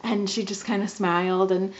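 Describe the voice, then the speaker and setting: A woman's voice: medium pitch, moderate pace. Giggly woman vlogger, lo-fi audio. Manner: animated, giggly retelling with quoted dialogue. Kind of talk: casual storytelling vlog. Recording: slightly dull lo-fi audio.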